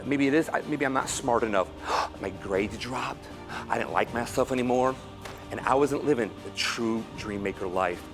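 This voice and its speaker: A man giving an energetic motivational speech at a school assembly, leading children in call-and-response chants. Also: mid-range voice. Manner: animated and exclamatory, leading chants. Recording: background music under the voice. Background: music.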